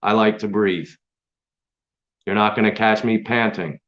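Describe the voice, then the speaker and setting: A man's voice: on the low side, fairly even intonation, unhurried. A man hosting his own stream, delivering an angry, profane, confrontational rant straight at his critics. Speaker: online stream host. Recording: dull lo-fi sound.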